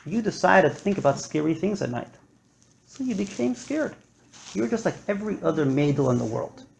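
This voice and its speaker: Man giving a lecture to a live audience, animated storytelling, gravelly fry, wide-ranging pitch. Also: fairly quick. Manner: animated, acts out stories with swings in pitch.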